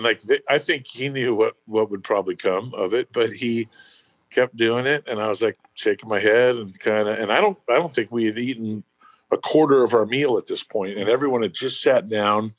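A man's voice: fairly low pitch, normal speed, no echo. A man telling a story in casual chat, rambling and swearing freely with lots of fillers.

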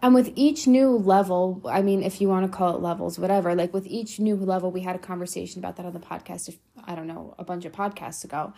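A woman's voice: fairly low pitch, steady tone, quick pace, creaky, few pauses, warm tone. A young adult woman hosting a motivational solo podcast, talking bluntly and swearing freely for emphasis. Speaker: podcast host.

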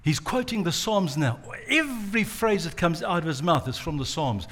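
A man's voice: fairly high pitch, expressive, moderate pace, fairly bright tone. A man giving a sermon, telling the story dramatically and acting out the quoted lines. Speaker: pastor.

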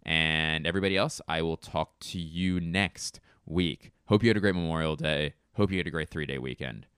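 Man, podcast host, deep voice, dry close sound, rambling, profane, casual monologue. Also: normal speed, a bit bright, smooth, dry recording. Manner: rambling, profane, with frequent restarts and fillers.

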